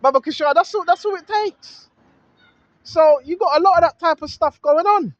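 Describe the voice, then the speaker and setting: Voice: extremely high pitch, moderate pace, no echo, lo-fi sound. A vlogger, talking outdoors on a street into a handheld phone. The talk is a repetitive, preachy monologue that quotes scripture and keeps asking "right?".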